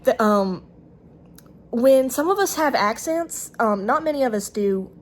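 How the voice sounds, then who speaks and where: Her voice a little high and expressive, a woman with a Southern US accent speaks at a measured pace into her own camera. The vlog is a casual, rambling monologue, hesitant and riddled with restarts and fillers, with slight background noise.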